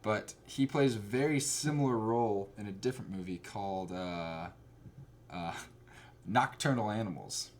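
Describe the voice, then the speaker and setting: A man hosting a casual chat, talking in an animated, rambling way. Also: on the low side, normal speed, slight background noise. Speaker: host.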